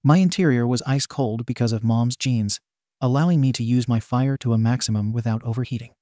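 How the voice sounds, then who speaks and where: A man's voice: medium pitch, brisk, mellow, dry recording, studio quality, natural voice. A man voicing a bitter, scarred young male villain confronting his father in a fan fiction reading, menacing and accusing.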